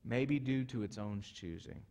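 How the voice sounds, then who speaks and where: A male pastor preaching a sermon earnestly, moving from loud urgency to soft, hushed passages. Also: medium pitch, unhurried. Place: church sanctuary. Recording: echoey church hall.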